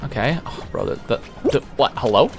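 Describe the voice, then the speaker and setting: A man streaming a platform game, talking casually in an excitable, boastful way with sudden yelps. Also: medium pitch, moderate pace, creaky, music in the background. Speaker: livestreamer. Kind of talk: casual gaming commentary.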